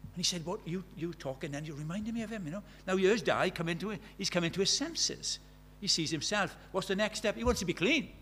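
A middle-aged Welsh man preaching a sermon, moving between loud declarations and quiet, hushed asides. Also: high voice, fast talker, slight background noise. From Wales.

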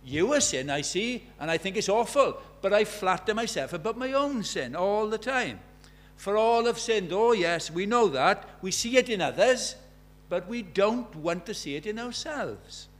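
Preaching a sermon in church, a man whose voice sits a little high for a man hammers his points with emphatic repetition and rhetorical questions. He shifts from forceful declarations to hushed asides, expressive at a normal speed with few pauses.

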